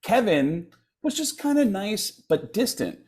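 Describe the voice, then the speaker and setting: A middle-aged man, a comedian guest in an interview, telling stories with lively energy and acting out the voices of people in them. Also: high voice, a little slow, husky. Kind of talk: animated storytelling in an interview.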